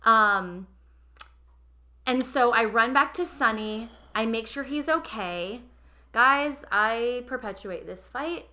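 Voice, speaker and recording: Casual podcast host, young woman, animated and emotional, talks straight to her audience with a bright edge. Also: on the high side, slow pace. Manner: animated, emotional, addresses listeners directly. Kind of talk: casual confessional storytelling.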